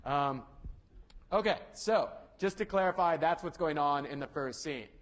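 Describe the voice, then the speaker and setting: Young guy lecturing a college class, kinda high voice, rambly with lots of ums, cracks jokes. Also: measured pace. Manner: casual, rambling, self-correcting with many fillers; joking asides to the class. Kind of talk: university lecture. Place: lecture hall.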